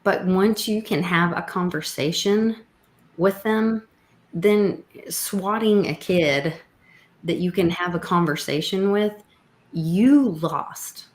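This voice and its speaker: A woman in casual chat, giving firm, opinionated views. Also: lowish voice. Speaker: guest co-host. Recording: roomy echo.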